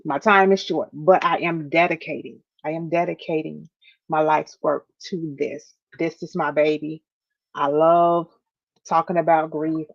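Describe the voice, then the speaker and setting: A woman hosting a podcast, talking to her listeners with heartfelt emphasis, repeating phrases and calling them y'all, close to tears. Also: low voice. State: near tears. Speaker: podcast host. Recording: dull lo-fi audio.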